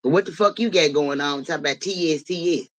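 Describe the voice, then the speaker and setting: A man hosting a livestream, answering viewers in a blunt, profane, animated way. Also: on the high side, quick pace, low-quality recording. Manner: blunt, profane, animated, talks back to chat. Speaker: livestream host. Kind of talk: casual livestream chat with viewers.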